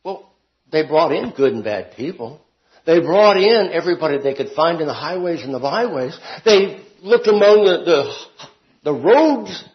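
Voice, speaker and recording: A man teaching a Bible class. He talks expressively, rising to emphatic peaks and dropping to quiet asides. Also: a little high, lively intonation, unhurried. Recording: dull lo-fi classroom recording.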